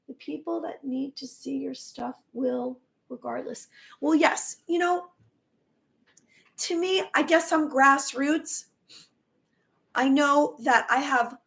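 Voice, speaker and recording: A woman talking casually on a live stream as a spiritual teacher, warm in her encouragement and tripping over words, her voice going hoarse. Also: high-pitched. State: losing her voice.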